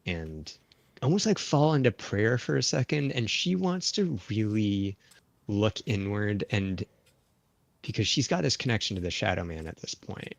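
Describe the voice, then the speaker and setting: Deep-voiced man playing a tabletop game. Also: creaky, no room sound. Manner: relaxed, hesitant, fillers. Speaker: player. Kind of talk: casual tabletop play.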